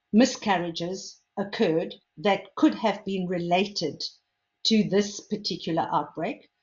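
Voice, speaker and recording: Woman lecturing, dull audio. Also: medium pitch. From South Africa. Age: older. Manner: measured, explanatory, stresses key words. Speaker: food safety expert giving a webinar talk. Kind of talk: lecture presentation.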